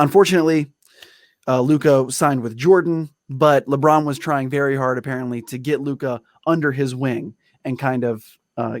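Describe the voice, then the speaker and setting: A man's voice: mid-range voice, no room sound, clean studio sound. A man hosting a sports podcast, chatting casually and enthusiastically with plenty of fillers and restarts.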